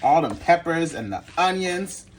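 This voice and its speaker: A man hosting a home cooking video, talking in a sassy, blunt and animated way with playful exclamations. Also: on the high side, unhurried, slight background noise. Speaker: home cooking channel host. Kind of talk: casual cooking tutorial.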